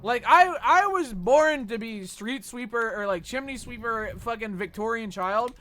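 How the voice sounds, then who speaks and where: A young American man streaming games and chatting casually, animated and profane, jumping between loud outbursts and low mumbles. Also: unhurried. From United States. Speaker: Twitch streamer. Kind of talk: casual live-stream chat while gaming.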